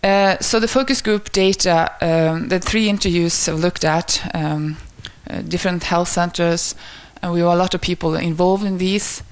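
A woman's voice: lowish voice, steady tone, moderate pace, hardly any pauses. A woman presenting research findings at an academic talk, speaking hesitantly with many fillers and restarts.

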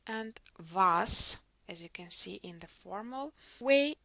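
A woman's voice: mid-range voice, expressive, takes it slowly, creaky, pushed and bright, no echo. A woman teaching a language lesson, patiently modelling words for the listener to repeat. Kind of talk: slow instructional lesson.

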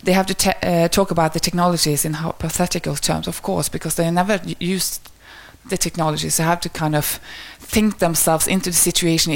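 A woman's voice: low voice, fairly even intonation, fairly quick, gravelly, hardly any pauses. A woman presenting research findings at an academic talk, speaking hesitantly with many fillers and restarts.

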